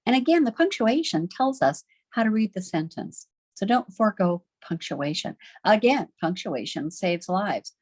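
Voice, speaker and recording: Lively, husky middle-aged woman teacher. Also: mid-range voice, normal speed, few pauses, no echo. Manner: lively, asking the class questions, chatty. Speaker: literature teacher. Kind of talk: recorded homeschool lesson.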